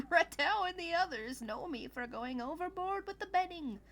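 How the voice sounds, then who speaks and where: A woman's voice: very high-pitched, lively intonation, moderate pace, fairly bright tone, pitched above the performer's own voice, full character voice. A woman voicing a jolly, reckless gambling creature from a video game, reading its lines aloud in an upbeat, chummy way. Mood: sly.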